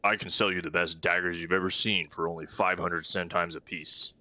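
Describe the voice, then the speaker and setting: A man's voice: low voice, fairly even intonation, brisk, pushed and bright, no room sound. A man reading aloud the lines of an arrogant, burly male weapon-shop owner from a game, curt and scornful. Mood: gruff.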